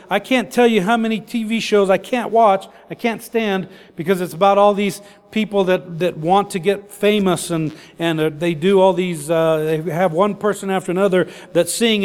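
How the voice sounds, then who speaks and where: A man's voice: high voice, in a large hall. A man preaching a sermon as pastor, earnest and repetitive, building his points in lists.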